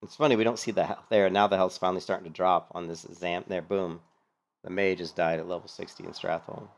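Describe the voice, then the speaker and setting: A man giving casual, rambling gaming commentary, animated, with lots of fillers and some swearing. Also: deep voice, a little fast. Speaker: gaming streamer commentating on a hardcore game run.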